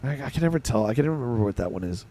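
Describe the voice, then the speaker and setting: A man's voice: medium pitch, lively intonation, very fast, warm tone, no room sound. A man from Canada with a Canadian accent, hosting a livestream and chatting casually while reading and answering his chat. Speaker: streamer host.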